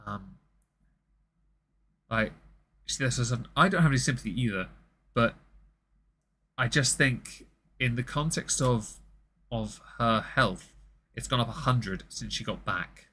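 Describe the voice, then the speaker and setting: A man's voice: medium pitch, lively intonation, unhurried, pauses often, a bit bright, slight background noise. A man hosting a live stream, making wry, sardonic commentary on video clips.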